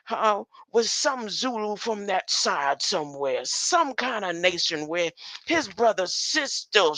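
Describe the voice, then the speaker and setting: An older woman rambles through a loose online monologue, her voice bright and forward. She keeps tossing in "huh?" and little chuckles, and the sound is close and dry. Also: mid-range voice, no echo. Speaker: online commentator.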